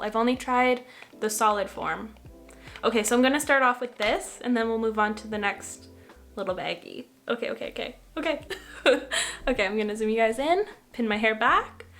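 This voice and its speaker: Bubbly young woman from canada doing a makeup vlog, kinda high voice, light hiss behind. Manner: bubbly, excitable, gushing. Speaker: makeup vlogger. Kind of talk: casual beauty vlog chat.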